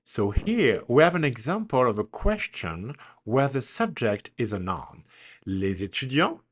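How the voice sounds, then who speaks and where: A male language teacher gives a recorded grammar lesson in a medium-pitched, sing-song voice. He speaks deliberately, modeling example questions with a strong rising intonation for learners to repeat.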